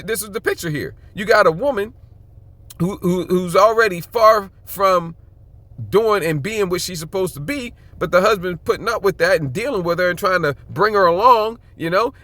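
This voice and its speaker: A man's voice: sits high, normal speed, a bit bright, dry recording. A man preaching a sermon and teaching scripture in an emphatic, conversational way, often checking in with "okay?" and slipping into blunt slang. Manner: blunt street slang and occasional profanity.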